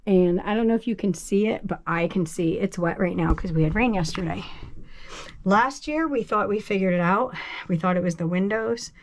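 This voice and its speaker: A woman from New England on her boat, out of breath, chatting in a casual, rambling vlog style. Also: mid-range voice. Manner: chatty, laughing, slow and rambling. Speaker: boat vlogger. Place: on a boat, below deck.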